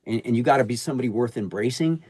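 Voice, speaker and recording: A middle-aged man in sales, a podcast guest, telling stories in a lively, slangy way in a casual conversation. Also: mid-range voice, rapid-fire, husky, no room sound. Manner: animated storyteller using slangy street talk.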